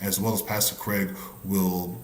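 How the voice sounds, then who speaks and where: A man hosting a church men's ministry live stream, animated and chatty, with many restarts and shout-outs. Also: low-pitched, a little slow, echoey room, slight background noise. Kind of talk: upbeat casual hosting.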